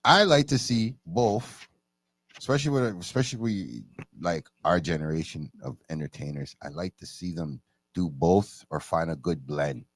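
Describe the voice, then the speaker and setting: A man in casual chat who tells stories animatedly, jumping up in pitch when he quotes people. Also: normal speed, no room sound, clean studio sound. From Canada. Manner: animated storyteller, jumps high in pitch for quoted speech.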